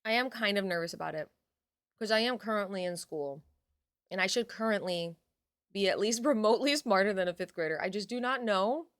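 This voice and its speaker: Bright, chatty young woman streamer. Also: mid-range voice, fairly quick, no room sound, clean studio sound. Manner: chatty, reads chat aloud, swears casually. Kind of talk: casual live-stream chat.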